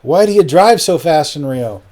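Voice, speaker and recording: A man's voice: on the high side, lively intonation, normal speed, mellow. A man voicing a naive young American. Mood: eager. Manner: wide-eyed, unworldly. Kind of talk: audiobook character reading.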